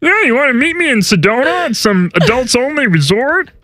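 A seductive woman sports reporter purrs her teasing come-ons in a strained falsetto, as a man puts her on. The voice sits high and swings widely, and the dry close mic leaves no room sound. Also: big pitch swings, brisk, pushed and bright, dry recording, exaggerated voice. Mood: flirty. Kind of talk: comedic impression.

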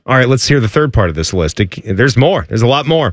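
A man co-hosting a talk show talks in a relaxed, mid-pitched voice and laughs often. The sound is dry and close, with no echo. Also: brisk. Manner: easygoing, laughs often, tells stories about himself. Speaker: co-host. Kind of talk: casual banter.

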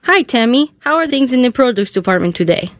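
A woman's voice: on the high side, animated, a little fast, pitched above the performer's own voice, lightly acted. A woman voicing a chirpy female shop clerk with a put-on accent in an old comedy radio sketch. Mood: cheery. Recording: played-back sketch recording.

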